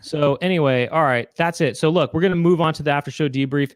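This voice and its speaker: A man's voice: fairly high pitch, fast, no room sound, studio quality. A man hosting a casual live online chat show, rambling and correcting himself as he explains how to join. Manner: rambling, self-correcting, breaks into silly impressions. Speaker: show host.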